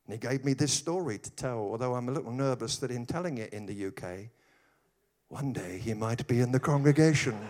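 A man preaching a humorous sermon, telling stories with animated delivery and quick asides. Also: mid-range voice.

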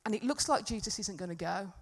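A woman preaching a sermon to a congregation, earnest and emphatic, swinging from loud peaks to soft, quiet stretches. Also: mid-range voice, animated, quick pace. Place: church hall with congregation.

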